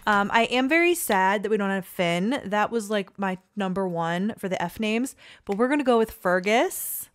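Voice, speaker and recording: A woman casually commentating her own gameplay, chatty and excitable, pleading with the dice and cooing at the characters. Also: mid-range voice, moderate pace, smooth. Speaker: gaming channel host. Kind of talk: casual let's-play commentary.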